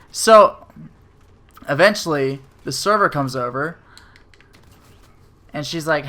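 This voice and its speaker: Guy ranting w/ lots of swearing and sarcasm, kinda high bright voice. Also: lively intonation, normal speed, pauses often. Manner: profane, sarcastic, filler-heavy. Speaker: restaurant server telling a story. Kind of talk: casual storytelling rant.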